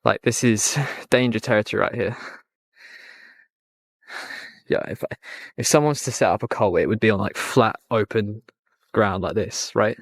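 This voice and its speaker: A man's voice: on the low side, normal speed, creaky, no room sound. A man filming outdoors at night, nervous and out of breath, swearing as he talks.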